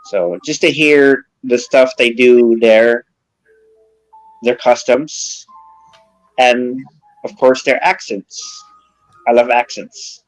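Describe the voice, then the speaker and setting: A friendly man rambles through stories on a casual podcast. His voice sits at an ordinary pitch. Faint music plays under him. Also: takes it slowly, pauses often, poor audio. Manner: rambling, friendly, chatty storyteller. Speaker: podcast co-host.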